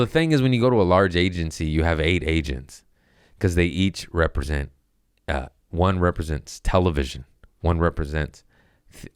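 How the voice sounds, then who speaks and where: Deep, smooth-voiced male comedian. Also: no room sound, clean studio sound. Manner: loose and profane, acting out quotes from his stories. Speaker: comedian hosting a podcast. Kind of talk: casual storytelling monologue.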